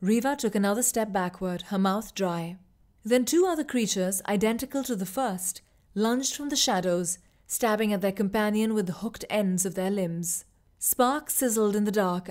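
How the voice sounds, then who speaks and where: Female story reader: measured, expressive narration. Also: medium pitch. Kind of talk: scripted narration.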